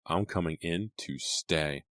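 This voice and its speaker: A man's voice: low voice, no echo, clean studio sound, natural voice. A man doing a cold whispering ghost girl. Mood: menacing. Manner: soft, slow menacing whisper.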